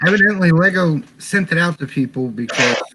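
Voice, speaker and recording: A man's voice: on the high side, animated, a little fast, sharp tone. A man reading news and chat messages aloud in a matter-of-fact way, over a noisy remote mic.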